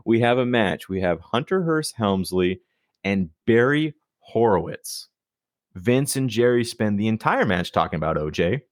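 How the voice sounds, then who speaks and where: A man's voice: fairly low pitch, no echo, studio quality. A man co-hosting a podcast in casual chat, wryly recapping matches. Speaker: podcast co-host.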